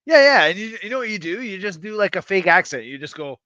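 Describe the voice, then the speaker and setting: A man hosting a livestream, chatting to his viewers in a rambling, excitable, self-mocking way and swearing freely. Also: sits high, fast, no echo, dull audio. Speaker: livestream host. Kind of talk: casual livestream chat to viewers.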